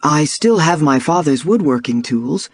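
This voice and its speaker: A woman voicing a brisk, guarded woman who speaks in curt, clipped phrases. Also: sits low, expressive, no room sound, clean studio sound, heavily acted.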